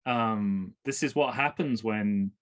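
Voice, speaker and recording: With a lowish voice and an unhurried delivery, this co-host rambles through a movie watch-along on his podcast, catching and fixing his own words and letting sentences trail off. The highs are cut off in the recording.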